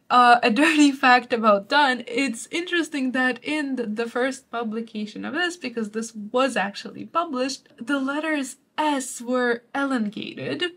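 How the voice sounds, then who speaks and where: A woman's voice: fairly high pitch, a bit bright. A young woman explaining a poem for students in a chatty, playful way, laughing now and then. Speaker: literature study guide presenter. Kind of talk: study guide explanation.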